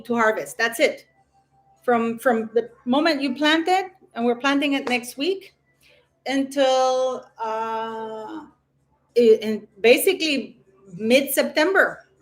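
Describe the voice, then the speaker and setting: Woman, livestream host, loose rambling chat, slightly raised pitch, leans on fillers. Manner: rambling, chatty, lots of "you know".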